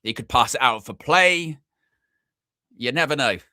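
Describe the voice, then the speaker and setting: A young man hosting a live football watchalong, chatty and excitable, shouting when his team scores. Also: medium pitch, a little slow, no room sound, studio quality. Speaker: fan watchalong host.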